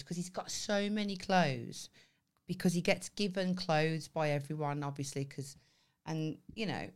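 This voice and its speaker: A woman, co-hosting a podcast in casual chat and telling stories in a lively, sweary way. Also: on the low side. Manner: sweary, animated storytelling with laughs. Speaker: podcast co-host.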